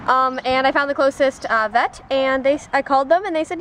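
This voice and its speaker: A woman's voice: high voice, a little fast, a bit bright, slight background noise. A young woman chatting casually to camera in a vlog, rambling and laughing as she talks. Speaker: vlogger.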